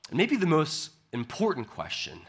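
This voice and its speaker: A man's voice: on the high side, wildly swooping pitch, normal speed, husky. A man preaching a sermon as pastor, telling a story in a conversational way and often repeating words. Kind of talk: sermon with opening prayer.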